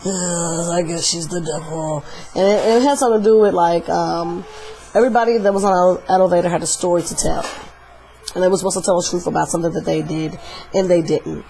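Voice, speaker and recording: A woman's voice: on the low side, fairly even intonation, fast talker, creaky, warm tone, a little hiss or hum. A woman chatting casually and animatedly in a video review, retelling a story in slangy, emphatic bursts. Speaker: movie reviewer.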